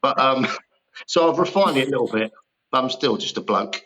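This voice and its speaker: A man's voice: medium pitch, lively intonation, normal speed, sharp tone, slight background noise, low-quality recording. A man, an actor guest talking casually and self-deprecatingly on a podcast. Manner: chatty, self-deprecating storyteller.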